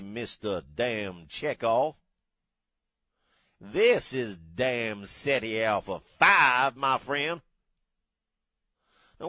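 A talk radio host voicing a gruff Southern male congressman, with a thick Louisiana drawl, dressing someone down in a slow, drawn-out way. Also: medium pitch, pushed and bright, no echo, studio quality, heavily acted.

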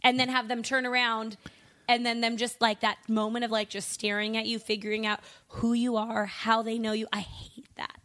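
Woman, higher voice, animated, exclamatory, casual podcast chat. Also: normal speed. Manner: animated, exclamatory, frequent laughs. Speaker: podcast co-host.

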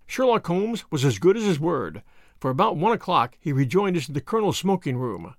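A man narrating a classic detective story in a measured, expressive reading. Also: fairly high pitch, no room sound, studio quality. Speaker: audiobook narrator.

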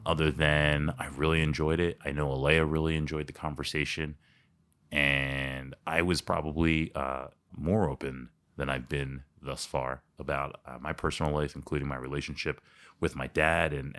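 A man with a very deep voice wraps up his podcast in an easygoing, reflective tone. He is a young adult and pauses with frequent fillers as he thinks aloud. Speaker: podcast host. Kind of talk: casual chat and solo outro.

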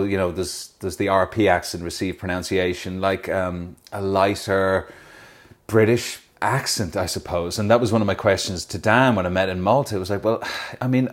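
A man with an Irish accent chats easily, his voice sitting a little low. He laughs at himself often and trips over his own sentences as he goes. It sounds like an unhurried conversation between two actors. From Ireland. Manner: relaxed, self-deprecating, laughs often, many restarts. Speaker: actor interviewed about a series. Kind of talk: casual conversational interview.

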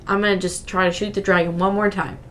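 A woman playing in a tabletop game, animated and quick to cheer the others on. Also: mid-range voice, a little hiss or hum. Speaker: player. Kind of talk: casual tabletop play.

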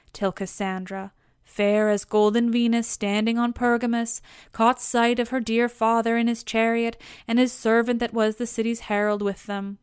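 A woman reading an epic story aloud as a narrator, in a steady, measured way. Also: fairly high pitch, clear, resonant tone, dry recording, clean studio sound. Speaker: audiobook narrator.

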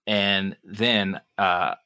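Player, male, low pitch, bright sound, dry close mic, casual. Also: fairly even intonation, extremely slow, clear, resonant tone, no echo. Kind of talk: tabletop game play, casual.

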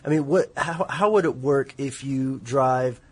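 A man's voice: mid-range voice, unhurried. A man hosting a casual talk, asking questions and sometimes stumbling over his words. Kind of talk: casual conversation.

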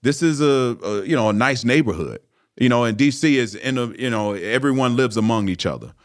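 A man in his thirties or older, a former pro football player, telling a story as an interview guest in a casual, animated way, with lots of "you know" fillers and restarts. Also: medium pitch, a little fast. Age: 30s or older.

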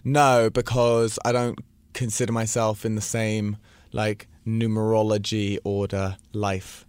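A man's voice: on the low side, level tone, measured pace, darkish tone, clear, resonant tone, no echo. A young man with a London English accent, chatting casually as a guest, cheeky and joking, swearing freely. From England. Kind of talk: casual chat.

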